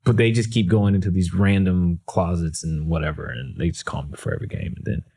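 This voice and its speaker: A man's voice: deep voice, fairly even intonation, fast talker, warm tone, breathy edge. A man, a motivational speaker, telling stories in a casual, self-deprecating way with lots of fillers and restarts. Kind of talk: casual storytelling.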